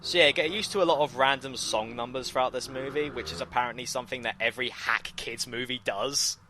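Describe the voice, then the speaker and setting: A man's voice: medium pitch, fairly quick, bright, forceful tone, a little hiss or hum. A young man co-hosting a casual movie commentary, teasing his friend and breaking into bursts of enthusiasm. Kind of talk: casual film commentary chat.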